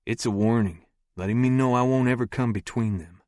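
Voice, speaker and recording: A man narrating a first-person romance audiobook in a calm, resolute, possessive manner. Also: mid-range voice, a little fast, no room sound, clean studio sound.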